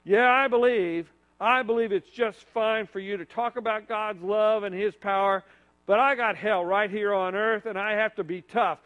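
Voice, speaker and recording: A preacher acting out a troubled middle-aged father of a sick boy, his voice sitting high for a man. The words come plain and direct, as if spoken straight from the heart. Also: measured pace, phone-quality sound. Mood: angry.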